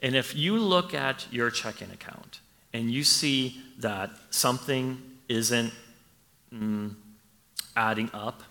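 A man's voice: mid-range voice, slow, sharp tone, in a large hall. A man preaching a sermon as pastor, talking conversationally and repeating his questions for emphasis. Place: church.

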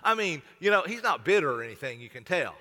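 Folksy preacher with a bright voice. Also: male voice, on the high side, big pitch swings, fast talker. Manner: folksy, repetitive, stammering restarts. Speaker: pastor. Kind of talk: sermon. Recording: long hall reverb.

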